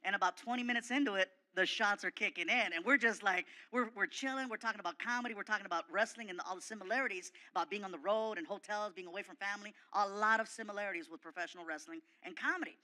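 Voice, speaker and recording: Bright-voiced, excitable male comedian. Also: high voice, fast, few pauses. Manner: animated, excitable, self-mocking. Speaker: guest comedian. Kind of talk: comedic storytelling in an interview.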